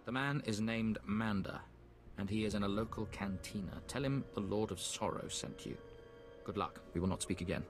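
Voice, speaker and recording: A man's voice: on the low side, moderate pace, lightly acted. An actor voicing a cool, terse male imperial spymaster in a video game, speaking in clipped, formal orders. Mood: cold. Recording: game audio over loud music.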